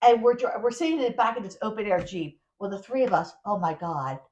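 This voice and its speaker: A woman co-hosting a podcast, telling a travel story in casual chat, animated and full of restarts. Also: medium pitch, quick pace, highs cut off. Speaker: podcast co-host.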